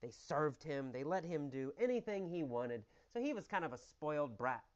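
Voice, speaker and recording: Male English teacher, lively storytelling delivery, answers his own questions, slightly muffled lo-fi recording. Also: a little high, normal speed. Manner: animated, exaggerated storytelling with repeated questions and answers.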